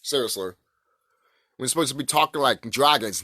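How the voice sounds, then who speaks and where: A man rants to his camera in a loose, profane, emphatic way, his pitch jumping around a lot. The sound is dry and close, with no room around it. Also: lively intonation, normal speed, pauses often, sharp tone, slightly rough, no room sound. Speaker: vlogger. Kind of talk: casual spiritual rant to camera.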